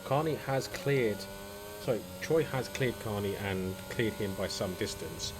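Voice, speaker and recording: Low-voiced male co-commentator, noisy room. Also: measured pace. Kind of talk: live race commentary.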